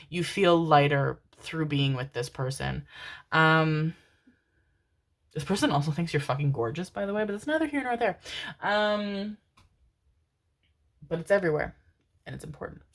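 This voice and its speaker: Give me a woman with a low, deep-set voice for a channeled tarot reading. She speaks to her viewers gently and affectionately, calling them darlings and babies. She stays casual and lets the odd swear word slip. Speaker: tarot card reader.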